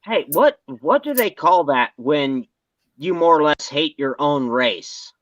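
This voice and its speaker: A man in casual chat, speaking calmly and reasoning things out. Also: on the high side, takes it slowly, no room sound. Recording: dull dry mic.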